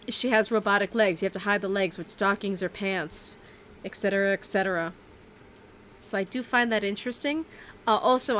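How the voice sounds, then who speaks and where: A woman chats loosely on a stream, wandering between thoughts with plenty of fillers and quick self-corrections. Her voice sits at a middle pitch. A faint noise hums under the recording. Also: a bit bright. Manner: rambling, chatty, many fillers and self-corrections; laughs often. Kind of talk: casual livestream chat.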